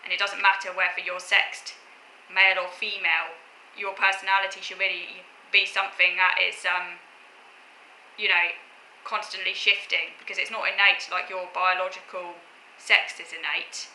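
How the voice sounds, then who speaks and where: A woman's voice: on the low side, flat delivery, moderate pace, sharp tone, slight background noise. A woman vlogger earnestly explaining her views, talking in short, restarted phrases. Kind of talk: explaining opinions to camera. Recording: echoey room with faint ambience.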